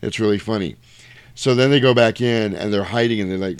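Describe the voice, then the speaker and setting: A man casually retelling a comedy film for a podcast, acting out the lines in high put-on voices and laughing often. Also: fairly quick, clean tone, dry recording. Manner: animated storyteller, acts out quotes in high voices, laughs often. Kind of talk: casual movie recap chat.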